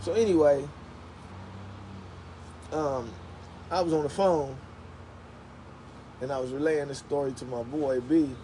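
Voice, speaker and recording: A man telling a casual, animated story to viewers of his livestream. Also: on the high side, unhurried, long pauses, slight background noise, poor audio. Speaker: live streamer.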